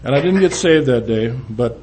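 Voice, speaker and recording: Brief: older man sharing his testimony, halting and plain, mid-range voice. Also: animated, slight background noise. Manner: halting storytelling, frequent restarts, drops low and quiet. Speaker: speaker giving testimony. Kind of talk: personal testimony to a church.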